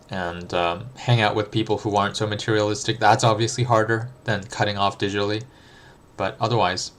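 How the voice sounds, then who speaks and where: Reflective man chatting on a livestream. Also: fairly low pitch. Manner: reflective, thinks aloud with frequent ums and restarts. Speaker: streamer answering chat. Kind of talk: casual livestream chat.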